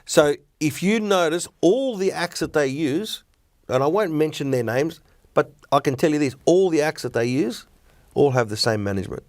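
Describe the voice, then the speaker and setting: This middle-aged comedian from Australia talks bluntly and animatedly in a relaxed podcast conversation, full of opinions and lively stories. His voice is a little high and moves at normal speed, in clean studio sound with no room noise.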